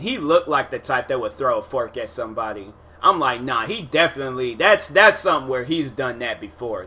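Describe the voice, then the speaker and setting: A podcast host with a rather high, very bright voice tells a story, animated and in a relaxed monologue. He talks slangy and full of fillers, and keeps slipping into exasperated quoted lines. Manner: casual slangy speech with many fillers.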